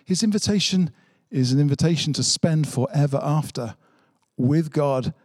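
A man's voice: a little high, moderate pace, darkish tone, dry recording, studio quality. A man preaching an Easter sermon, telling the story dramatically and driving points home with emphatic repetition. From Britain. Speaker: pastor.

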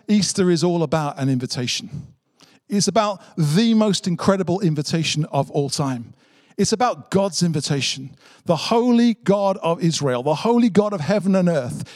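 Earnest pastor, dry close sound. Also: male voice, high voice, lively intonation, normal speed, darkish tone, dry recording. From Britain. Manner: dramatic storytelling with emphatic repetition. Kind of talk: online Easter sermon.

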